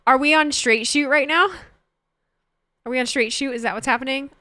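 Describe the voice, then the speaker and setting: A woman's voice: high-pitched, brisk, pushed and bright, dry recording. A woman streamer in casual live chat, joking theatrically and answering her viewers.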